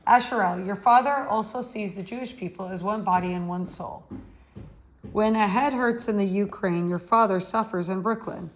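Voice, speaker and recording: An earnest elderly bearded official, stern yet worried as he presses a distracted pupil, as a woman reading a novel puts him on. His voice stays mid-pitched and plainly spoken, more lecture than drama. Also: normal speed, lightly acted. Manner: stern yet concerned pleading. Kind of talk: novel read aloud.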